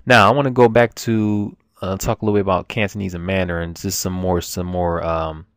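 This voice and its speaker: A man's voice: deep voice, level tone, fairly quick, a bit bright, clean tone, dry recording, studio quality. A man giving a casual, rambling language lesson at his computer, full of restarts and fillers. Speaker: language teacher.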